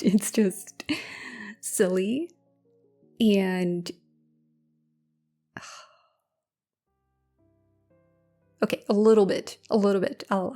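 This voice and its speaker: Slow, soft-spoken ASMR woman. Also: mid-range voice. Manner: slow, intimate, drifting into whispers with soft laughs. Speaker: ASMR creator.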